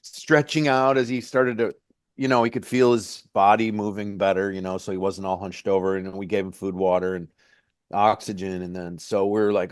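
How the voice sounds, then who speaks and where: A man's voice: fairly low pitch, little pitch movement, moderate pace, no room sound. A middle-aged man, a mountain guide, telling a story in a casual, rambling way with lots of "like" and "hey, man".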